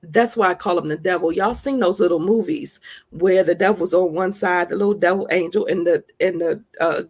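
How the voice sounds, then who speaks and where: Woman speaker, motivational self-help talk, emphatic and homespun, slight gravel in the voice. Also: on the low side, moderate pace, darkish tone. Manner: emphatic and folksy, calls listeners honey.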